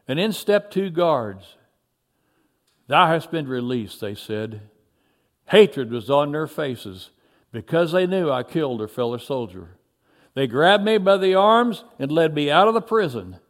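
High, lively male storyteller. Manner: dramatic, shifts from excited to hushed. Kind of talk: first-person dramatic story narration.

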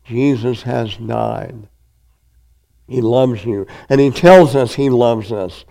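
A male pastor preaching a sermon, reading scripture aloud and pressing each point with emphatic, drawn-out phrasing. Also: medium pitch, creaky, mellow, poor audio.

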